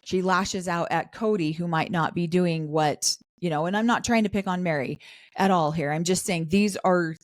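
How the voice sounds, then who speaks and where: A middle-aged woman co-hosting a podcast, chatting casually about a show and acting out the cast's lines in quick asides. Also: lowish voice, no echo, studio quality. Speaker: podcast co-host. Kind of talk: casual recap chat.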